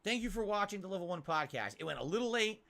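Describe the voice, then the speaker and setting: A man's voice: high voice, quick pace, gravelly. A man streaming from his home office, reading viewer tips aloud and ranting in an exasperated way. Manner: exasperated rants, animated. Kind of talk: livestream chat, reading tips. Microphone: desk mic.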